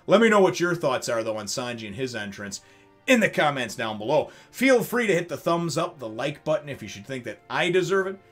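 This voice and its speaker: A man talks from his desk at home, recapping a manga chapter in a loose, animated way. He acts out the characters' lines, swears freely, and laughs as he goes. Faint music plays behind him. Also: fairly high pitch, a little fast. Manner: animated, swears casually, voices quoted characters, laughs often. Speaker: manga reaction vlogger. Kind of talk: excited casual recap to camera.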